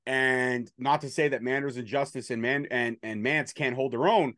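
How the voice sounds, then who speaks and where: A man's voice: mid-range voice, fairly even intonation, normal speed, a bit bright, no echo. Dry-sounding man giving a profane recap. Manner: profane, bantering play-by-play recap. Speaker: podcast host recapping wrestling. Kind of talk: casual chat.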